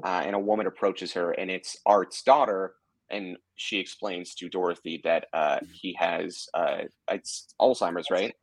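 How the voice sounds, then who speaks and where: A man's voice: sits low, fairly even intonation, measured pace, no echo. A man casually recapping an episode's plot on a podcast, rambling with lots of fillers and restarts. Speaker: podcast co-host. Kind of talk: casual chat, summarizing a TV episode.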